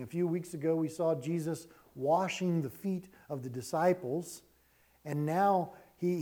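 A man's voice: on the high side, warm tone. A male pastor reading scripture aloud and then preaching a sermon, stressing key words as he goes.

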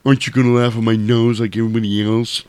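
A man's voice: medium pitch, flat delivery, fast talker, darkish tone, smooth, natural voice. Shy young buck reindeer, voiced by a man, eager stammer. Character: shy young male reindeer with red nose.

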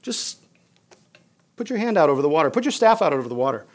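A man voicing God as a calm, reassuring male deity in a sermon retelling, speaking plainly. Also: fairly high pitch, quick pace, voice pushed up. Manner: plain-spoken, matter-of-fact.

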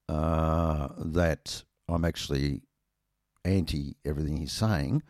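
A man's voice: low voice, darkish tone, no room sound, studio quality. A middle-aged Australian man telling a rambling, self-mocking anecdote in casual chat, full of ums and uhs.

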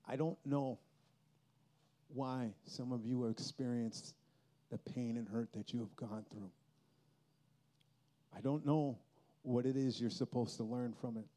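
A man speaks at a Christian youth festival, sharing a personal testimony in an earnest, heartfelt way. His voice is warm and mellow, sitting at an ordinary middle pitch. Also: fairly even intonation, measured pace, pauses often. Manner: earnest, emotional storytelling.

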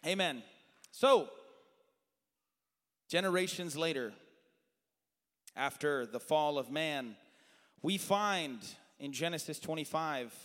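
Preacher guy, higher voice, goes from shouting to quiet asides, big echoey church. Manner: animated, swings from loud shouting to quiet asides. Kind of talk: sermon. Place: church sanctuary. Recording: long hall reverb.

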